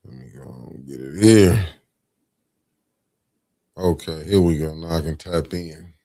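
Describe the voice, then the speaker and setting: A man's voice: very deep voice, measured pace, long pauses, dark tone, dry recording. A man hosting a casual live stream, greeting viewers by name and calling them family and beloved while he sets up sharing.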